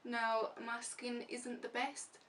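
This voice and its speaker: A woman's voice: fairly high pitch, completely flat delivery, takes it slowly, fairly bright tone. A woman beauty vlogger chatting casually through a makeup tutorial, narrating each step as she goes. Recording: distant mic with faint room noise.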